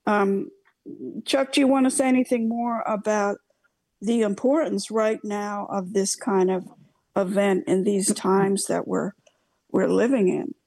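Casual: older woman radio host, gravelly voice, stops and restarts a lot, dry booth sound. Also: medium pitch, fairly even intonation, a little mellow, no echo. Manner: halting, many fillers and restarts. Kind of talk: radio talk show.

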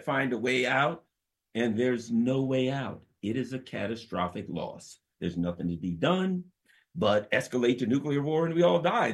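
Male talk radio host, middle-aged, animated, sarcastic, slightly high-pitched, punchy delivery. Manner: emphatic, sarcastic, mock-quoting opponents, swings from loud to low. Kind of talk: opinionated talk radio monologue.

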